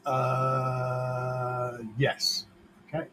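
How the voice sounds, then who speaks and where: A man's voice: a little high, normal speed, fairly bright tone, slight background noise, poor audio. A man hosting a car audio show, chatting casually and answering viewer questions in a laid-back, joking manner and swearing freely.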